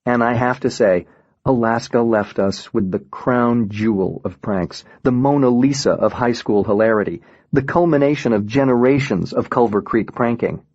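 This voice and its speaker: A man narrating an audiobook in the first person with a steady, reflective reading. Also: medium pitch, moderate pace, dry recording, muffled recording.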